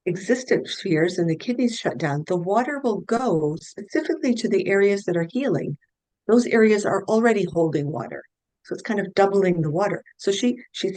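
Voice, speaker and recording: In an interview, a middle-aged guest health practitioner shares case stories conversationally, earnest and anecdotal, frequently starting her sentences over. She has a medium-pitched, slightly mellow voice, captured in a dry, low-quality recording.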